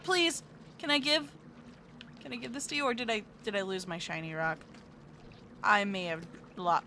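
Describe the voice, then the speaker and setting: A woman streams a game and keeps up playful chatter with her viewers, reading their comments aloud and fake-whining or squealing at the screen. Her mid-range voice swings widely in pitch and sounds pushed and bright; she talks at normal speed but pauses often. A little hiss or hum runs underneath.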